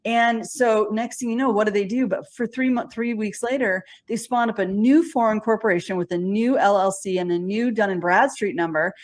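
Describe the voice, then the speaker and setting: A woman's voice: medium pitch, moderate pace, hardly any pauses. A woman lecturing in a rambling monologue, with frequent restarts and false starts. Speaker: speaker in a played video.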